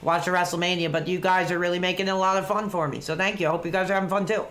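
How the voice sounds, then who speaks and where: A man's voice: high-pitched, steady tone, very fast, a bit bright. A man chatting casually on a webcam stream, reacting to a wrestling match as he watches along. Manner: laid-back, chatty, reacting to the action.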